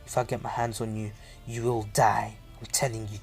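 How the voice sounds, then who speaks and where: A man's voice: fairly low pitch, flat delivery, normal speed, vocal fry, soft background music. A man voicing an arrogant, hot-tempered ninja girl. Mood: haughty, threatening. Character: arrogant young female ninja, hot-tempered elder sister.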